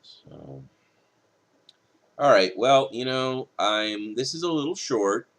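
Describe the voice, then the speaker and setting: A man's voice: medium pitch, sing-song, slow pace. A male writing instructor, tired late at night, reads rules from a textbook in a recorded lecture and explains them with casual asides.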